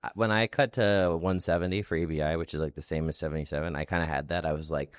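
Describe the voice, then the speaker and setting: A young man with a very low voice chats loosely on a podcast, drifting from one half-finished thought to the next. The sound is close and dry, with no room around it. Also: fairly even intonation, fast talker, dry recording. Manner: laid-back, rambling, trails off mid-sentence. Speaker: podcast co-host. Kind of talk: casual chat.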